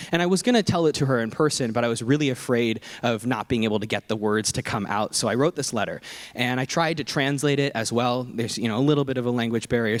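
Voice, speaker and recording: Young man telling a funny personal story. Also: mid-range voice. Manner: humorous, conversational, self-deprecating. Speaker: keynote speaker. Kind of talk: storytelling keynote speech.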